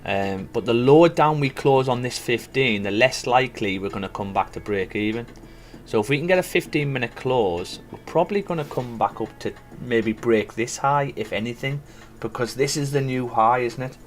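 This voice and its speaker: A man's voice: mid-range voice, normal speed, soft background music. A man giving casual live commentary as a forex trader, thinking aloud and chatting to viewers. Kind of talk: live trading stream commentary.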